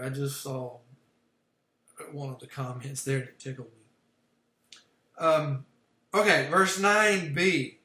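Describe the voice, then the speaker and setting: A Bible teacher with a bright, forceful, high-leaning voice leads a livestreamed Bible study, explaining word meanings step by step. The room is echoey.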